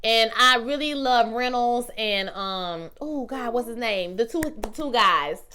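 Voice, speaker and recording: A woman vlogger reviews a TV series in casual chat, her bright, salty voice animated as she swings between loud exclaiming and low musing. She uses salty slang, calls viewers y'all and baby, and keeps a measured pace.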